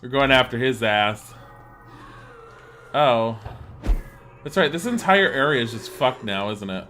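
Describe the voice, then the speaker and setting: A man live-streaming a video game from his home, chatting casually, rambling and laughing, with bursts of swearing and excitement. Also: mid-range voice, unhurried, soft background music. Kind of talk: casual live-stream chat over gameplay.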